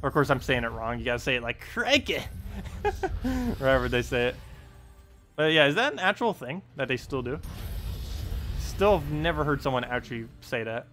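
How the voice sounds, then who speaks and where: A man's voice: mid-range voice, animated, brisk, fairly bright tone, faint music behind. A young man with a New Jersey accent giving casual, rambling commentary while he streams a game, full of ums and uhs. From United States. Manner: rambling, many ums and uhs, chuckles at himself. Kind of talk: casual live gameplay commentary.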